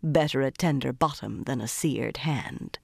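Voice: medium pitch, unhurried, gravelly, breathy edge, no room sound. A reader voicing a dry, commanding ageless woman. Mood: dry scorn. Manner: dry, pleasant but cutting.

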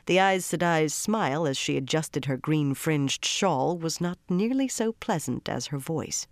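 Steady audiobook narrator, dry sound. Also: mid-range voice, measured pace, dry recording. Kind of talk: scripted fantasy narration.

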